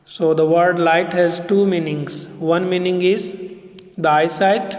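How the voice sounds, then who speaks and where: A man giving a recorded literature lecture to students, explaining each point slowly and deliberately. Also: high voice, level tone, darkish tone. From India. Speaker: English lecturer. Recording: echoey roomy recording.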